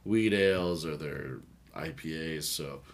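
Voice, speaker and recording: A man's voice: rumbling low, slow pace. A man co-hosting a casual beer review podcast, rambling, joking and reading can labels aloud. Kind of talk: casual chat.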